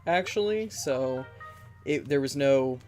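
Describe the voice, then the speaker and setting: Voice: medium pitch, expressive, slow, a little mellow, soft background music. A streamer telling a rambling, giggly story in casual chat with viewers, with many fillers along the way. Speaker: game streamer.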